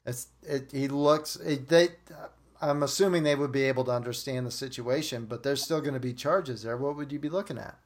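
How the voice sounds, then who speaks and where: A man co-hosting a podcast in a relaxed chat. He laughs easily and asks his guests questions. His voice sits at an everyday middle pitch. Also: fairly quick. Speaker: podcast co-host.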